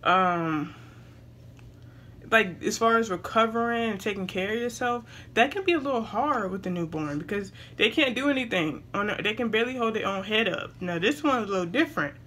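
With lively intonation and a slightly quick pace, a young woman chats to camera from home, pausing to speak to her baby. Her medium-pitched voice is a bit bright, and a little hiss or hum can be heard.

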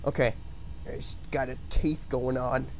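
A young man live-streaming while he draws, joking about his work and breaking into excited shouts. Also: mid-range voice, unhurried. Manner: excitable, bursts into shouts and laughs; joking self-commentary. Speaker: livestreamer. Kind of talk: live-streamed drawing chat.

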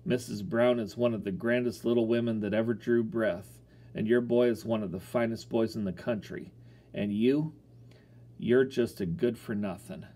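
A man voicing a tall, strong farmer father who scolds roughly in a storybook reading. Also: lowish voice, steady tone, moderate pace, warm tone, close to an everyday voice. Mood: scolding.

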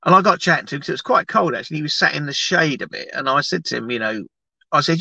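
A man's voice: fairly high pitch, fast, creaky, husky, no echo, lo-fi sound. A man, talking casually and animatedly as an evangelist, teaching and praying on a livestream with many restarts. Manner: animated, chatty, rambling with restarts.

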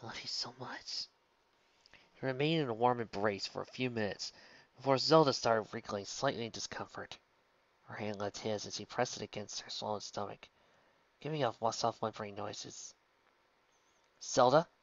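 A man reading a fan fiction story aloud in steady, soft-spoken narration. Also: lowish voice, normal speed, creaky, highs cut off. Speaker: story reader.

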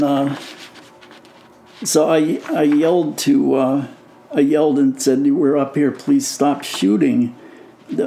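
Older man with a gravelly, mellow voice. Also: mid-range voice, slight background noise. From United States. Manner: halting, many fillers and restarts. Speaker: interviewee, lichen curator. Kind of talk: storytelling reminiscence.

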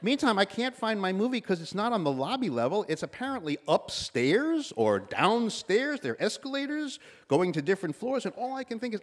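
Speaking a little fast with big pitch swings, a man in his sixties gives a commencement address in a high-leaning, slightly nasal voice. Along the way he tells stories and acts out quoted people's voices.

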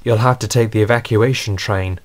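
A man's voice: fairly low pitch, fairly even intonation, brisk, lightly acted. A man playing a kindly, firm and polite male station master. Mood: apologetic.

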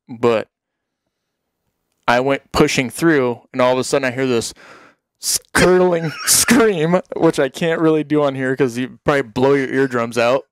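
A man's voice: mid-range voice, no echo. A man in easy, loose conversation, rambling through a story and breaking into laughter as he acts out the voices of his friends. His voice sits in an ordinary middle register, and the recording is dry and close, with no room sound. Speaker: podcast guest telling hunting stories. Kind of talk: casual storytelling chat.

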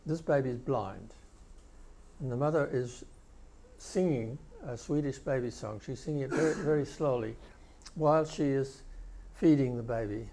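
An older male professor giving a conference keynote, explaining video clips with pauses and restarts. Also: mid-range voice, dark tone, a little hiss or hum. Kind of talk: conference lecture.

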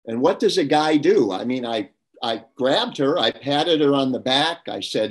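A man's voice: medium pitch, lively intonation, measured pace. A middle-aged man interviewing a guest, telling a long personal anecdote in an earnest way and acting out bits of dialogue. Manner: earnest, anecdotal, warm recollection with quoted dialogue.

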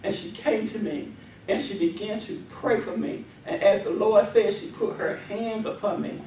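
A woman's voice: mid-range voice, moderate pace, warm tone, a little hiss or hum. A woman minister giving a testimony and then leading a deliverance prayer with fervent, repetitive commanding cries. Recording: echoey hall from far off.

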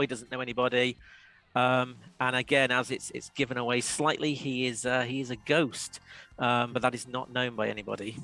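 A man's voice: medium pitch, a bit bright, dry recording. Hesitant man introducing his game character. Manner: halting, hesitant. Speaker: player. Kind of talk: tabletop game chat.

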